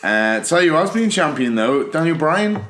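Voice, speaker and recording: A man's voice: fairly high pitch, very animated, normal speed, a bit bright. A man on a podcast panel, chatting casually, laughing, swearing and acting out quotes. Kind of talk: casual chat. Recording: roomy echo with crowd noise.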